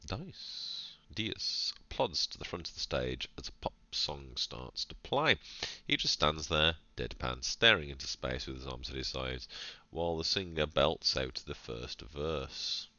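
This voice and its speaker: A low-pitched man narrates a game for his channel, reading the text aloud and tossing in playful, jokey asides. His delivery swings widely in pitch, and his tone is bright and forceful. The recording is dry and slightly dull, like a lo-fi home mic. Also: animated, measured pace, dry recording. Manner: playful, chatty, jokey running commentary. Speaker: gaming channel host.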